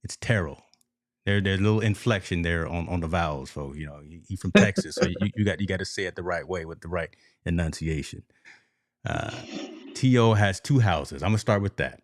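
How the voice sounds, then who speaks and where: A man's voice: low voice, fairly quick, no echo, studio quality. A man co-hosting a casual sports talk show, telling stories animatedly and addressing the listeners as folks. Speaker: podcast co-host.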